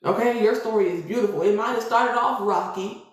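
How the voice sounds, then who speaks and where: A woman's voice: medium pitch, a little fast. A woman giving a live-streamed tarot reading, preachy and emphatic, often checking in with her listeners with "okay?". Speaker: tarot reader. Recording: very echoey room.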